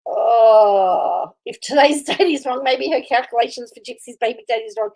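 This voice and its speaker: A woman's voice: on the high side, moderate pace, gravelly, dark tone, low-quality recording. A woman hosting casual live commentary on a video, chatty, reading viewer comments aloud and laughing often. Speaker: commentary host reacting to a video.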